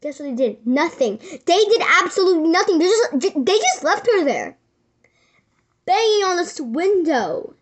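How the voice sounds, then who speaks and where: A woman's voice: extremely high pitch, big pitch swings, normal speed. A woman vlogger retelling a sad event in casual chat, rambling with many fillers and restarts and sometimes dropping to a whisper. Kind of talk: casual storytelling.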